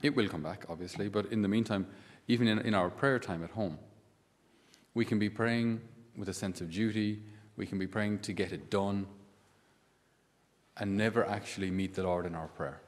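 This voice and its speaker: Give me a priest giving a chatty sermon in a low voice, echoing through a church. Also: male voice, normal speed. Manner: conversational, animated with many asides and rhetorical questions.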